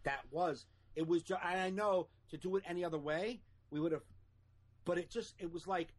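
A man co-hosting a podcast in casual chat, agreeable and quick to say "right, right". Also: high voice. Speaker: podcast co-host.

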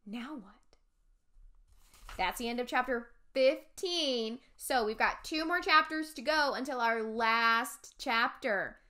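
A woman teacher reading a chapter book aloud for her class, expressive with dramatic whispers. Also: fairly high pitch, unhurried, hardly any pauses. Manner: expressive, voices characters, frequent dramatic whispers.

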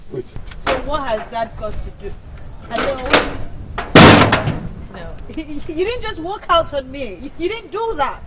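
A woman's voice: sits high, big pitch swings, unhurried, pauses often, heavy background noise. An actress with a Nigerian accent playing an impatient young woman who demands to be let in at a gate. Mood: indignant. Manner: indignant, demanding.

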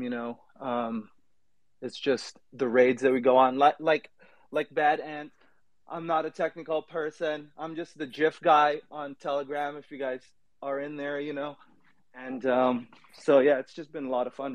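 Cheerful higher-voiced man chatting on a call. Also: no room sound. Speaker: community member. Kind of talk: casual chat on an online audio call.

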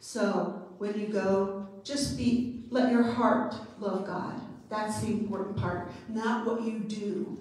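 A middle-aged woman pastor giving a children's sermon and then a sermon, playful and gentle with the kids, then measured. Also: medium pitch, fairly even intonation. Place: church sanctuary. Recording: very echoey church from far off.

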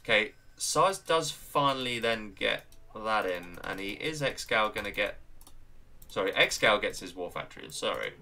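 Excitable English man casting a game. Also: fairly low pitch, normal speed, faint music behind. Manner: chatty, excitable, often laughing, greets viewers. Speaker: game commentator. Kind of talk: live stream game commentary.

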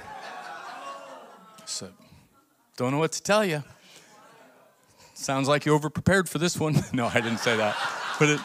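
Animated man preaching a sermon. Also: a little high, a little hiss or hum. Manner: animated storytelling, acts out quoted voices; emphatic, rising to near shouts. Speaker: pastor.

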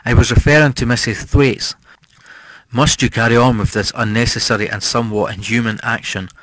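A man reading an audiobook, voicing a soft-spoken, gently ironic old male recluse. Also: medium pitch, steady tone, fairly quick, no room sound, close to an everyday voice. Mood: mild reproach.

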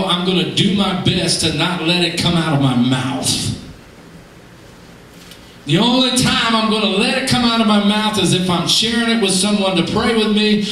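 A man preaching a sermon, emphatic and animated, swinging between shouts and low asides, heard from far off in an echoey church hall. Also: slight background noise.

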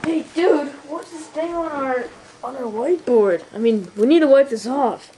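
A woman in improvised toy role-play, teasing in a rambling, halting way with many restarts. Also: sits high, dark tone, slight background noise, rough recording. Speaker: toy puppeteer and co-player.

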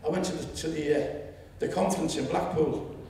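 A man in his seventies with a Liverpool accent, telling a story at a public meeting and rising to loud indignation. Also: fairly high pitch, a little fast, slight background noise. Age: 70s. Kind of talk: impassioned public speech. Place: lecture hall. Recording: echoey hall, distant mic.

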